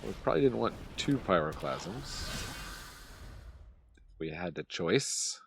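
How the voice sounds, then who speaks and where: A man with a low, rough-edged voice talks half to himself while he plays, weighing his moves in a loose, muttering way. It sounds like relaxed gameplay commentary from a channel host, with a faint hiss of noise under the voice. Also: takes it slowly, long pauses. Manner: muttering thoughts aloud while playing.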